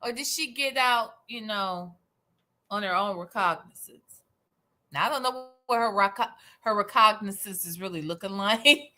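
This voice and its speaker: A woman's voice: medium pitch, normal speed, sharp tone. A woman hosting a livestream, giving sarcastic commentary in a teasing, mock-outraged manner. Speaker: livestream host.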